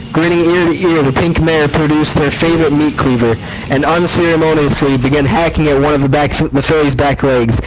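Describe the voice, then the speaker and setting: A man's voice: on the high side, background noise. A man reading a fan story aloud, stumbling and correcting himself as he goes. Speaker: reader.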